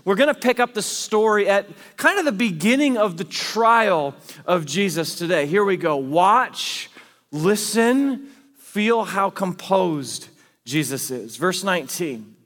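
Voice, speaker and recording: A man's voice: sits high, animated, takes it slowly, fairly bright tone, long reverb tail. A man preaching a sermon as pastor, telling a scripture story in casual, conversational everyday speech.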